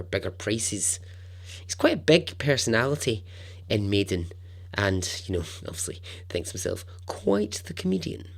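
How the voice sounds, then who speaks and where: A man hosting a storytelling podcast, narrating in a chatty, animated way with asides. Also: on the low side. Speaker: podcast host.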